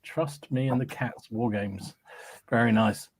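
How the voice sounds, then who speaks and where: A man's voice: mid-range voice, measured pace, a little mellow, slightly rough. A man hosting a casual hobby podcast stream, greeting viewers by name and laughing often, with a cold. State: has a cold. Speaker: podcast host. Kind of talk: casual livestream chat.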